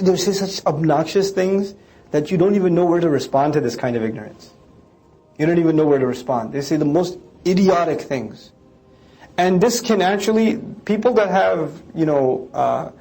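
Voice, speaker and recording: A man lecturing on scripture. He explains it line by line and mimics critics in quick asides. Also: sits high, a little mellow.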